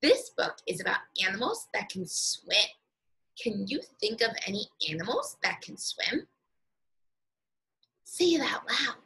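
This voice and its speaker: Woman teacher, early reading lesson, lively sing-song pitch, a touch of vocal fry, drawn-out words. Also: rough recording. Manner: slow, encouraging, stretches out words for small children. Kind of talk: guided reading lesson for young children.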